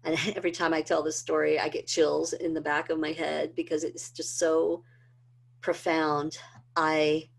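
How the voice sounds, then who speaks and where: A woman's voice: deep voice, level tone, measured pace, vocal fry. A middle-aged woman earnestly telling a personal story, with many fillers and rising emotion. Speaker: presenter of a health training video. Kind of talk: personal testimony talk.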